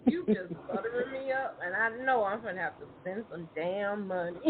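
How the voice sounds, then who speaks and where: A woman's voice: medium pitch, noisy background. A woman hosting a casual podcast chat, talking about herself and laughing often. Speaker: podcast host. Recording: tinny phone-like line.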